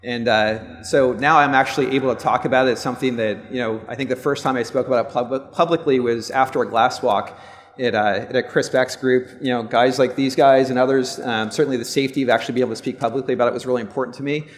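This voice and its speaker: A man's voice: medium pitch, fairly even intonation, fast, long reverb tail. A man in his fifties on a live panel, speaking in an earnest, reflective and open way about personal matters. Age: 50s. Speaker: law firm owner, panelist. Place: large stadium event on stage.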